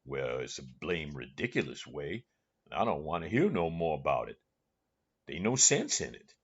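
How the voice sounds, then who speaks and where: A stubborn, earnest backwoods man drawls in thick rural Southern speech, digging in on every point, as a male audiobook reader puts him on. His voice rises and falls in a lively way. The audio is a touch dull and lo-fi. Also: a bass voice, moderate pace, breathy edge, pitched below the performer's own voice, full character voice. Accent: Southern US rural dialect. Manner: drawling, dialect-heavy, dogged. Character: uneducated older man, stubborn and earnest in argument.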